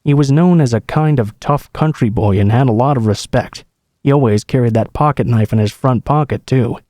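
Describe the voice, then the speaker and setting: Mellow man narrating a scary story. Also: mid-range voice, no echo, rough recording. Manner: measured, somber storytelling. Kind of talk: scripted first-person narration.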